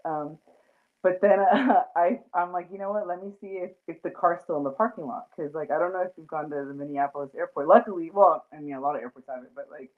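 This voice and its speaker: A woman hosting a casual chat, talking in a rambling way with many fillers and frequent laughs. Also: on the low side. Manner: chatty, lots of fillers and laughter. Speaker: host. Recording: tinny phone-like line.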